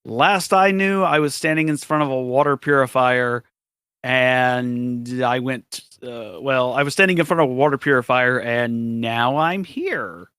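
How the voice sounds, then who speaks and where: A man's voice: mid-range voice, a little slow, fairly bright tone, clean tone, no room sound, clean studio sound, natural voice. A man playing a confused, stammering hero lost in time. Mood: unsure. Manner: stammering, unsure.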